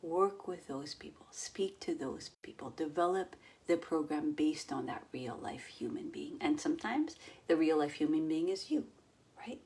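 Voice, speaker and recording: A middle-aged woman coaching her audience in a lively way, acting out inner voices and dropping to near whispers. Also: deep voice, normal speed, gravelly. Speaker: yoga and mindset coach. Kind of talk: coaching talk to an online audience.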